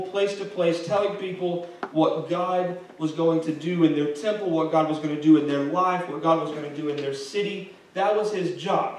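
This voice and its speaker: A young man preaching in a church with a fairly high voice, heard from some distance. His talk is conversational and full of restarts, and it builds in intensity on quoted prayers. The sound rings through a big echoing sanctuary. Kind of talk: sermon. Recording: echoey hall from a distance.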